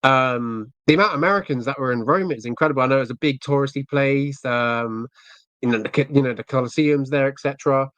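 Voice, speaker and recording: A man with a southern English accent talks quickly in a loose, rambling podcast chat, full of fillers. His voice sits at an ordinary pitch. The recording is close and dry. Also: a bit bright, no echo. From England. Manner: rambling, chatty, many fillers. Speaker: podcast guest.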